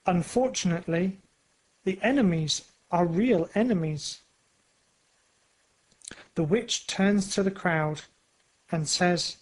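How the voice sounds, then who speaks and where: A storyteller reading a graded storybook aloud for learners. Every word is set out very slowly and clearly. The voice sits at a middle pitch. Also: a little mellow, low-quality recording. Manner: very slow, clear, carefully paced reading. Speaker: story narrator.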